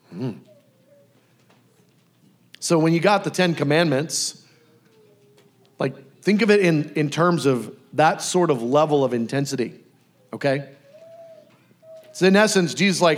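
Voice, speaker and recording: Lively casual man preaching. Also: a little high, measured pace, pauses often. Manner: casual, animated, acts out dialogue. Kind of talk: conversational sermon.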